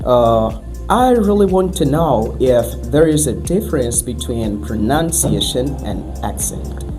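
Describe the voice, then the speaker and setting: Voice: mid-range voice, expressive, a little slow, mellow, soft background music. A guest teacher asking polite questions on a podcast, with brief acknowledgements.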